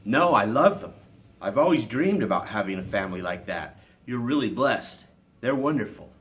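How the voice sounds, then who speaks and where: A man reading aloud and voicing an earnest, gently teasing young man in a storybook. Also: medium pitch, animated, moderate pace, close to an everyday voice.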